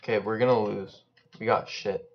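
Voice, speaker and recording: A man's voice: fairly low pitch, fairly even intonation, moderate pace. A young man chatting casually and joking in slang while he plays an online game, rambling between rounds. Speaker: gaming YouTuber. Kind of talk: casual gameplay commentary. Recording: slightly dull lo-fi mic.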